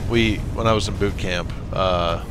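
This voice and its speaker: A man's voice: sits low, steady tone, unhurried, music in the background. A man casually commenting on his gameplay, rambling into stories with many fillers and restarts, and talking straight to the viewers. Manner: coaching and encouraging, speaks straight to viewers. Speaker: let's play gamer.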